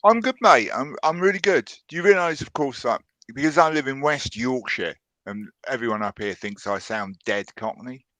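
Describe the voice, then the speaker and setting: A man from the London area chats as a guest with jokey, self-mocking humour. His voice is bright and forceful, and the sound is dry and close, with no room around it. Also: medium pitch, moderate pace, few pauses, no echo. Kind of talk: casual chat.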